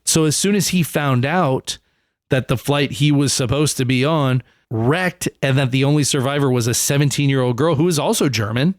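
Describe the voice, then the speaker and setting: Casual podcast guy telling a story, swears a lot, mid pitch, dry close mic. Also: normal speed, dry recording. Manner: animated storyteller, swears freely. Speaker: podcast co-host.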